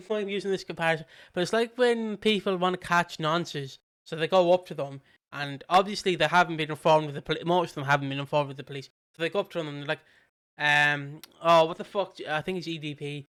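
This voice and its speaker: Man, british, podcast co-host, fairly high voice, smooth clear tone, sweary animated chat. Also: a little fast. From Britain. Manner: animated, sweary retelling with mimicked voices and laughs. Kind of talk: casual chat.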